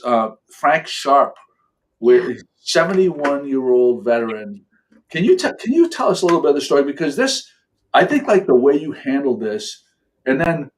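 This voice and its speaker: A man's voice: mid-range voice, slight background noise, poor audio. A man hosting a podcast who asks his guest long, rambling questions that are full of restarts. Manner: rambling, halting, many restarts. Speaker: podcast host. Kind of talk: casual interview questions.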